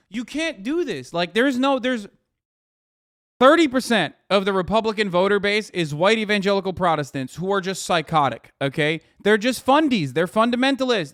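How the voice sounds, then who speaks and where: A man in his thirties rants about politics to a live audience, sarcastic and profane, with frequent swearing. His voice sits high for a man. The sound is dry and close to the mic, with no room reverb. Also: a bit bright. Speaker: streamer reacting to news clips. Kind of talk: ranting political commentary.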